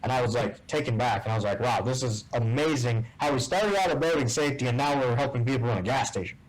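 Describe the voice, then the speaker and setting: A man as a guest in a casual interview, telling a story and acting out the dialogue with lively shifts in voice. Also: mid-range voice, quick pace, poor audio. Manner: animated storyteller who acts out quoted dialogue. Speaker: guest, tournament bass angler.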